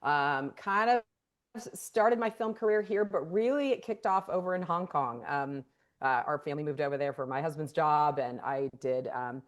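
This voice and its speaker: A woman's voice: low voice, lively intonation, moderate pace. A woman director from the San Francisco Bay Area, chatting thoughtfully with plenty of fillers in a video call interview. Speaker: film director. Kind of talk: casual interview chat. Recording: remote video call audio.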